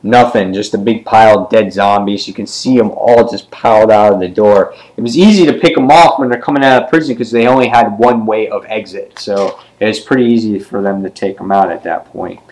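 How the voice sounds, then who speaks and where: A man's voice: fairly low pitch, a little mellow, rough recording. Man, casual comic book review, loose and chatty, many ums, short character voices. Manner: retells scenes with quick put-on character voices.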